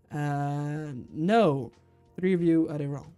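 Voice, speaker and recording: Low-voiced woman hosting a chatty livestream. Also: slow, long pauses, a little mellow, smooth, faint music behind. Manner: chatty, giggly, trips over words. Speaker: livestream host running a quiz. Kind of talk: casual live-stream chat.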